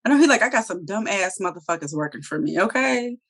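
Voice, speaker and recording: A woman co-hosting a review show in casual chat, talking in an animated, profane way and acting out characters' lines. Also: medium pitch, fast talker. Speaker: TV review podcast co-host.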